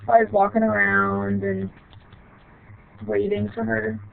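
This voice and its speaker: Woman storyteller, gravelly, halting short phrases; tinny phone-like recording. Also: medium pitch, flat delivery. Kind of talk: personal childhood story.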